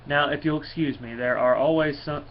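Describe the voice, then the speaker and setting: A man's voice: on the high side, steady tone, moderate pace, a little hiss or hum, close to an everyday voice. A man voicing a boastful, hearty male thunder god from a comic, speaking in a proclaiming way. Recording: dull lo-fi recording.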